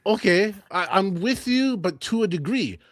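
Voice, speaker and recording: Casual sports podcast guy, animated and blunt, dry close mic sound. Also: high-pitched, moderate pace, no room sound. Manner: animated, opinionated, repeats phrases. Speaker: podcast co-host. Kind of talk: casual combat sports chat.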